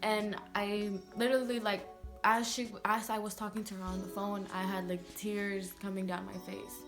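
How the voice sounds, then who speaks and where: A woman's voice: medium pitch, little pitch movement, moderate pace, music in the background. A young woman vlogger telling a personal story in a rambling way, full of "like" fillers. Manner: rambling, heavy use of "like" fillers.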